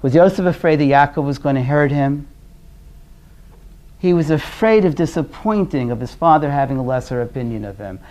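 Earnest man lecturing with gentle stories. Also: normal speed. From Brooklyn, New York. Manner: earnest, often drops into a quiet, low storytelling voice. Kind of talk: conversational lecture with storytelling.

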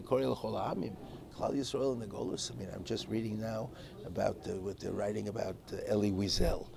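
A man giving an informal religious class, telling stories in a digressive way with many restarts and Hebrew and Yiddish terms. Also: fairly low pitch. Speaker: Torah teacher. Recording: clear background noise.

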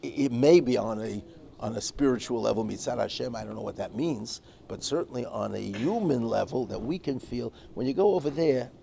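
A Torah teacher with a dark-toned, mid-range voice speaks briskly and animatedly in an informal religious class. He tells his stories in a roundabout way with many restarts and plenty of Hebrew and Yiddish vocabulary, while background noise is plainly heard.

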